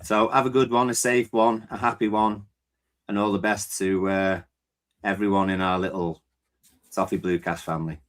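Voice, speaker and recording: A man's voice: lowish voice, level tone, moderate pace. A man co-hosting a football fan podcast, talking casually and hesitantly while searching for words. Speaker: podcast co-host.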